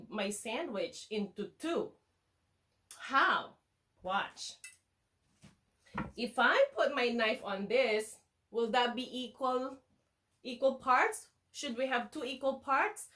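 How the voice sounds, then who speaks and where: Woman teacher, kids' lesson, unhurried, slightly high voice, playful sing-song delivery. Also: a bit bright. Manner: playful, sing-song, talks to the viewer as a child. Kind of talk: children's lesson demonstration.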